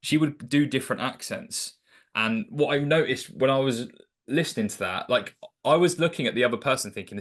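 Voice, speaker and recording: A man's voice: medium pitch, fairly quick, fairly bright tone. A man talking through sales advice in a loose, chatty way, telling stories with lots of filler words. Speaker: sales coach guest. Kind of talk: casual conversational storytelling.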